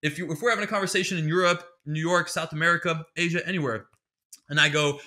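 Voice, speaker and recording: Profane, sharp-voiced comedic man. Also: on the high side, steady tone, quick pace. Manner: rambling, profane, sarcastic. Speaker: podcast host. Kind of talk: comedic monologue.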